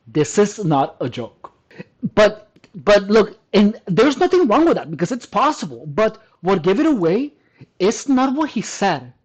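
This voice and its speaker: A man's voice: sits high, a little mellow, low-quality recording. A man talking straight to the camera in a casual monologue, emphatic, often repeating and restarting his phrases. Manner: addresses listener as dude and man. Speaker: personal trainer vlogger.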